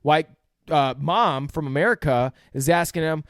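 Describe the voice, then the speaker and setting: A man's voice: a little high, moderate pace, no echo, clean studio sound. A young man co-hosting a podcast, casually recapping a film with lots of swearing and acted-out lines. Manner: profane, animated, acts out scenes in quoted voices. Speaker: podcast co-host. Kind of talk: casual movie review chat.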